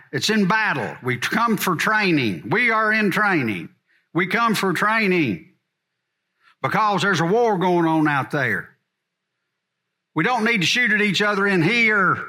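A man's voice: high-pitched, very animated, a little slow, sharp tone. A middle-aged man teaching a church congregation in a blunt, folksy sermon style. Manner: folksy and blunt, drawling asides.

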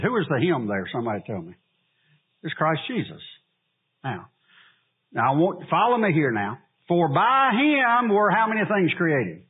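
Preacher guy, high animated voice, husky, sounds like a tinny radio broadcast. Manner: preaching with call-and-response questions. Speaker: pastor. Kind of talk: sermon.

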